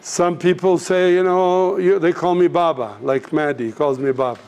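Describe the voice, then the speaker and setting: A missions teacher, earnest and direct with his class, tells stories and acts out their characters' voices. His voice sits high with a steady, darkish tone at a moderate pace, and there's a slight hiss or hum in the audio.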